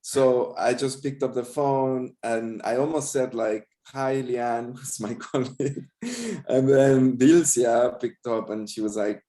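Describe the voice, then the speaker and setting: A man filmmaker talks over a video call, thoughtful and a little hesitant, often restarting his sentences. His voice is mellow and dark. The room around him is echoey. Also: medium pitch, steady tone, a little slow. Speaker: filmmaker guest. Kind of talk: casual interview storytelling.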